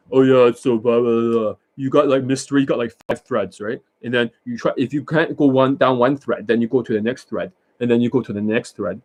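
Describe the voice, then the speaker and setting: A man who is a dating coach, talking in a rambling, boastful and profane monologue. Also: mid-range voice.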